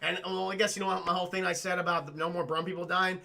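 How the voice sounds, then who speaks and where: A man recaps a film live for his stream chat, animated and full of profanity. His voice sits high with a gravelly edge, and his tone is bright and forceful. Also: very fast. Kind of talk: casual film recap livestream.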